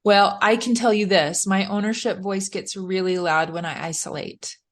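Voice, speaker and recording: A woman's voice: mid-range voice, steady tone, normal speed. A middle-aged woman, a motivational speaker, giving earnest and encouraging advice as a guest in a podcast interview.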